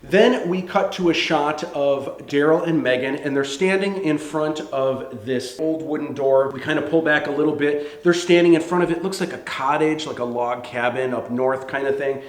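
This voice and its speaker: A man teaching screenwriting in a lively, conversational way. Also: a little high, moderate pace, few pauses. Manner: animated, conversational. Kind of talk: instructional talk. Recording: roomy echo.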